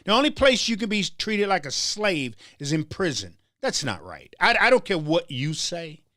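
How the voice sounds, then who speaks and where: Very animated and high-pitched, this man's voice sounds pushed and bright at a moderate pace. Hosting a political talk show, he gives a heated commentary with stammering restarts and a sermon-like rhythm, captured in clean studio sound without room echo.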